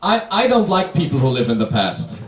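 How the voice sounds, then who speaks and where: A young man with a German accent performing a stand-up comedy set, wry and animated, with fillers and restarts. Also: fairly high pitch, a little fast. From Bavaria, Germany. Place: comedy club stage. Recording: echoey club from a distance with crowd laughter. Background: audience laughter and noise.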